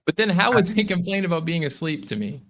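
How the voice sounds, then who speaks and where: A man's voice: sits high, fast talker. A man guesting on a casual crypto podcast, talking animatedly and acting out what users say. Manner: animated, acts out users' voices. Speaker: guest from a lending app.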